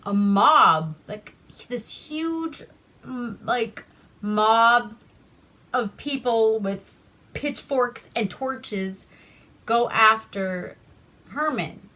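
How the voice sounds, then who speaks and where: Slow-talking woman rambling through a movie recap. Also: fairly high pitch. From Alaska. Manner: rambling, profane, deadpan. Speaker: host.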